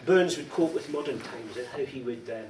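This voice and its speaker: A man's voice: medium pitch, moderate pace, crowd noise. Middle-aged man telling jokes in an echoey hall. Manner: anecdotal, teasing, lively storytelling. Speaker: after-dinner speaker. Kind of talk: after-dinner comic speech. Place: large dining hall. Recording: echoey hall, distant mic, background noise.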